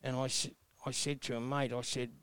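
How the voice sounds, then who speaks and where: A man's voice: mid-range voice, level tone, fairly quick, fairly bright tone, smooth, dry recording. A man in his sixties with an Australian accent, telling his life story as an interview guest in a blunt, earnest, folksy way. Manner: blunt, earnest, folksy with mild self-mocking humor.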